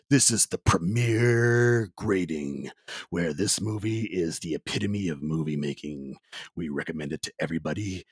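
A man putting on a dramatic male movie-trailer announcer voice, slow and grand. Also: extremely low pitch, fairly bright tone, slightly rough, no room sound, voice pushed down, exaggerated voice. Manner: slow, grand, drawn-out delivery.

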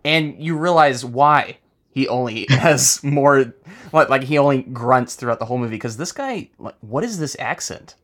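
A man's voice: mid-range voice, normal speed. A man co-hosting a podcast, joking about a movie and laughing as he talks. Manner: animated, laughs mid-sentence. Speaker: podcast co-host. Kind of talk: casual movie-review chat.

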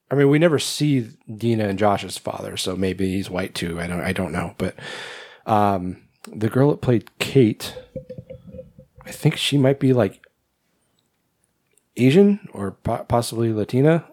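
A man co-hosting a podcast, chatting casually about a film, blunt and quick to swear, often trailing off and restarting. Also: on the low side, darkish tone. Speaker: podcast co-host. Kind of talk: casual movie review chat.

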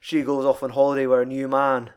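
A young man talks through a favorite film in relaxed podcast chat. He swears freely and laughs while retelling scenes. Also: medium pitch, brisk, clean tone. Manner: sweary, laughing, quotes film lines in put-on voices.

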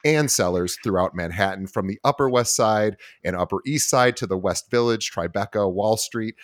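A man hosting a podcast who reads a guest introduction, correcting himself now and then, and chats enthusiastically with easy laughter. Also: lowish voice. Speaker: podcast host. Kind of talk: scripted intro then casual interview.

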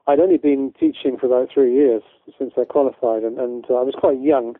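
A man's voice: medium pitch, fairly even intonation, brisk, no echo. A man from the UK, a guest educator in a casual interview, talking in a rambling way with many restarts. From United Kingdom. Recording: tinny phone-line audio, dry.

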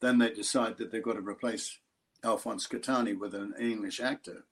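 An older Australian actor telling a lively story in an interview, acting out other people's voices. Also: male voice, on the low side, moderate pace. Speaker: actor guest. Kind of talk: interview anecdote.

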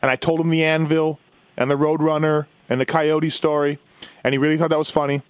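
On a casual motorsports podcast, a male co-host rambles through a long story and performs the quotes of the people involved. His slightly high voice has little pitch movement and a clean tone, delivered briskly with no echo.

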